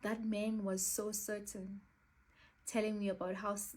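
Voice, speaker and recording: A South African woman telling a scam story in a casual, animated, exasperated way, acting out both sides of the call. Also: mid-range voice, a little slow. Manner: animated, exasperated retelling with quoted dialogue.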